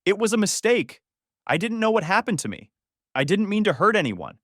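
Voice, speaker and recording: A man's voice: high voice, big pitch swings, fairly quick, a bit bright, no echo, clean studio sound, voice pushed up, exaggerated voice. A man putting on a tearful pleading mother. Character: tearful middle-aged mother pleading excuses.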